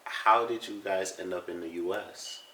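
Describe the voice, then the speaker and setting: A man with a lowish voice asks relaxed, casual interview questions. His voice sounds distant and roomy, picked up from across an echoey space. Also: moderate pace. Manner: laid-back questioner. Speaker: host, interviewer. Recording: echoey room, far from mic.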